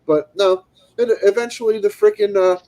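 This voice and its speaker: Animated man telling a story. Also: sits high, moderate pace, a little hiss or hum, low-quality recording. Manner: animated, acts out quoted people; rambling with restarts. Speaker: streamer. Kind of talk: casual storytelling.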